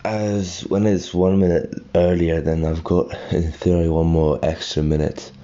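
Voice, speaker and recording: A man's voice: low-pitched, level tone, measured pace, mellow, muffled recording. A young man just out of bed, rambling and correcting himself in a casual solo podcast. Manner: rambling, self-correcting, thinking aloud. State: just woken up, tired.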